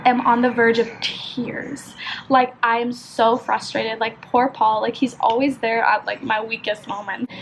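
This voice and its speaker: Young female vlogger from California, high voice, chatty and filler-heavy, telling a story while doing her makeup at home. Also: slight background noise, poor audio. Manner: chatty, filler-heavy, animated retelling with lots of "like". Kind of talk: casual get-ready-with-me storytelling.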